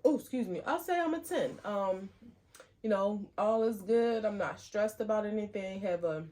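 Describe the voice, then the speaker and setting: A woman's voice: mid-range voice, moderate pace, a little mellow. A woman co-hosting a podcast in casual chat, upbeat and chatty with frequent fillers. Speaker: podcast co-host.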